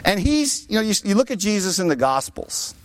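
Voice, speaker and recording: A man's voice: high voice, very animated, brisk, dry recording. A man preaching a sermon, with rhetorical asides to his listeners. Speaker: pastor.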